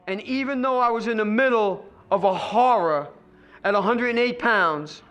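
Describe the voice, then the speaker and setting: Middle-aged man, recovery speaker; high, bright voice, emphatic and repetitive, addresses the audience directly. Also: normal speed, smooth. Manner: emphatic storytelling, repeats phrases for effect. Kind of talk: personal recovery testimony to an audience.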